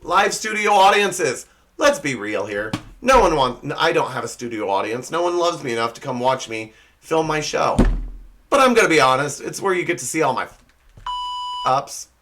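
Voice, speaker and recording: A man's voice: a little high, very animated, moderate pace, background noise. A young man hosting a comedy show, delivering a sarcastic scripted roast monologue and laughing at his own slips.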